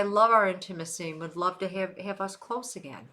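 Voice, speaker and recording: Older woman livestream host, chatty, bright and slightly low, loves to repeat herself. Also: brisk, slight background noise. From Western New York. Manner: chatty, repeats phrases for emphasis. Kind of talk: casual chat answering viewers.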